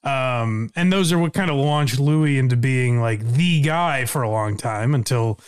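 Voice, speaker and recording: A man's voice: medium pitch, measured pace, smooth. A man hosting a podcast in a casual, reflective, conversational way. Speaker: podcast host. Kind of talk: casual chat.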